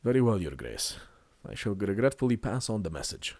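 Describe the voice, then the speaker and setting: A man's voice: lowish voice, sing-song, a little fast, a little mellow, no room sound, clean studio sound. A man voicing a dutiful young messenger who pleads politely with a lord. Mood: earnest.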